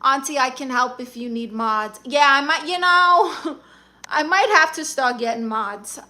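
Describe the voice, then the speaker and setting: Bright, sassy Brooklyn woman. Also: sits high, unhurried. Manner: sassy, brash. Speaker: livestreamer. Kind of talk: casual live-stream chat reading comments.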